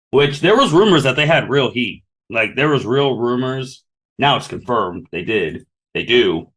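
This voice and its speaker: A man's voice: mid-range voice, moderate pace. A man hosting a podcast in casual chat, rambling along with lots of fillers. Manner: rambling, filler-heavy, relaxed. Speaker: podcast host.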